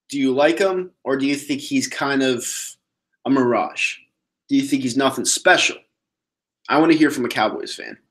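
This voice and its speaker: A man hosting a casual solo sports podcast, talking bluntly and swearing as he answers viewer questions. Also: mid-range voice. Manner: blunt, profane, animated ranting.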